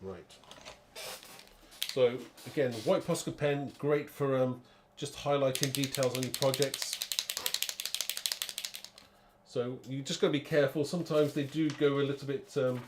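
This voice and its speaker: Male craft-demo host, mid-pitched, rambling and self-mocking, faint background hiss. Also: steady tone, measured pace, pauses often, a little mellow. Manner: chatty, rambling, thinks aloud; self-mocking, laughs at own muddle. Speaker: card-making demonstrator.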